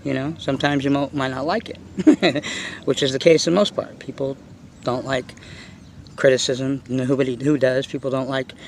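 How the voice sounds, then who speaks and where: A man's voice: mid-range voice, fairly even intonation, normal speed, a little mellow, slight background noise. A middle-aged man giving a casual ranting monologue about his hobby, blunt and profane, rambling with lots of fillers. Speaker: RC car hobbyist vlogger. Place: outdoors.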